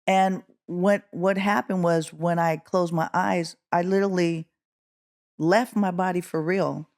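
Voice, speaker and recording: A middle-aged woman from Oakland, California, a guest musician telling a story in an interview, acting out the quotes with a rising voice. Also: unhurried. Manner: animated, acts out quotes with rising pitch.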